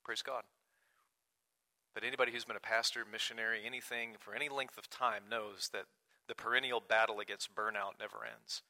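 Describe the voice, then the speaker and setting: A man preaching a sermon in an earnest way, swinging from loud emphasis to quiet, hushed asides. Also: fairly low pitch, steady tone, a little fast. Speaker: pastor.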